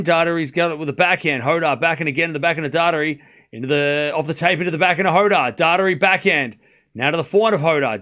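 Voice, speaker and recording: Man, streamer, slightly high voice, laid-back tennis play-by-play, joking with chat. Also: sharp tone. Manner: joking, chatty, answers viewers' chat. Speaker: streamer commentating a live tennis match. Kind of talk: casual watchalong play-by-play.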